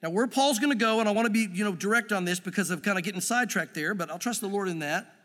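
A male pastor preaching a sermon in a church, in an animated, conversational way with frequent asides. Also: high-pitched, quick pace. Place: church sanctuary. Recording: long reverb of a church hall.

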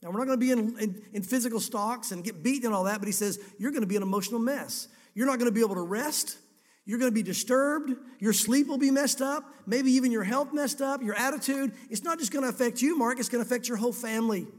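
Male pastor, very high voice, earnest sermon, long church reverb. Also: fast talker. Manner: earnest, dramatizing scripture.

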